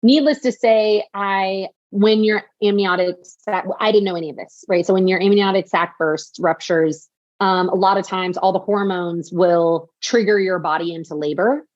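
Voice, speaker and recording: A woman's voice: medium pitch, moderate pace, no echo, highs cut off. A woman guest on a podcast telling a personal story, acting out her own quoted lines and saying "like" often. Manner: animated, acts out quoted dialogue, frequent "like". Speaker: podcast guest, author and speaker.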